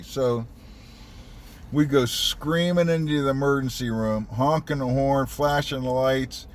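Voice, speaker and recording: A man's voice: mid-range voice, unhurried, slight background noise. A man telling a casual anecdote about his days as a cab driver and dispatcher, conversational and profane, acting out the dialogue.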